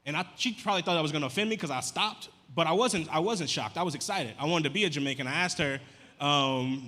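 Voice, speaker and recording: Deadpan male comic working the crowd; rapid delivery, long room reverb. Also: a little high. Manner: deadpan, chatty crowd work with casual slang. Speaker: stand-up comedian. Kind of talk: stand-up comedy set. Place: comedy club stage. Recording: live venue with long reverb.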